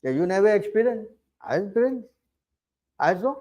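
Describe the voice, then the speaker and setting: Mellow-voiced man preaching with pointed questions. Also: sits high, sing-song, moderate pace. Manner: challenging, asks rhetorical questions often. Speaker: preacher giving a scripture class. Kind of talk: sermon.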